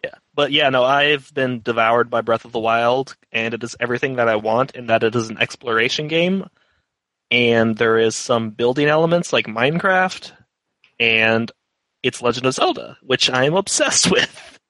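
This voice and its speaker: A man of middle pitch chats on a podcast with a wry, teasing manner. The sound is dry and close. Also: normal speed, pushed and bright, no room sound. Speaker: podcast co-host. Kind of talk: casual chat.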